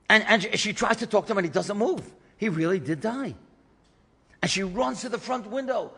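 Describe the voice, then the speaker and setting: A man, a rabbi, telling a story in an animated lecture and acting out the voices of the people in it. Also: sits high, moderate pace, vocal fry, husky. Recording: lecture in a reverberant hall.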